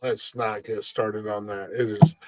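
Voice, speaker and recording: A man's voice: lowish voice, flat delivery, a little slow, dry recording. Brash American male podcast host, profane mock-outrage jokester, dry close-miked voice. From United States. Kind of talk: casual comedic banter.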